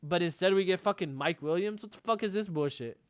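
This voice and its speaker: A man's voice: high voice, fairly quick, smooth, no echo. A man co-hosting a sports podcast, venting in a heated, profane, exasperated rant. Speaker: podcast co-host.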